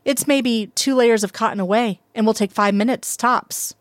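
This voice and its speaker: A woman's voice: on the high side, moderate pace, no room sound, clean studio sound, lightly acted. A woman voicing a playful grown man in a read-aloud story, teasing and joking.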